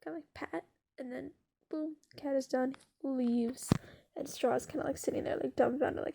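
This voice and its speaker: A woman's voice: sits high, fairly even intonation, moderate pace, creaky, dark tone, breathy edge. A woman telling an improvised story in a casual, rambling way, full of fillers and swearing.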